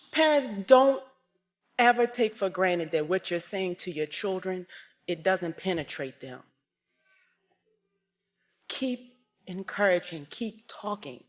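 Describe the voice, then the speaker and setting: A woman speaks at a religious service, giving a personal testimony. She tells it with strong feeling and breaks into loud outbursts. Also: medium pitch. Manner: emotional storytelling, rising to loud outbursts.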